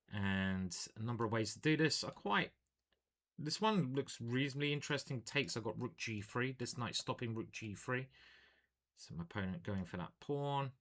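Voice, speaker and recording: A man's voice: lowish voice, fairly bright tone. A man, a chess grandmaster, commentating live on his own online games in a chatty, self-deprecating way, thinking aloud at a home computer.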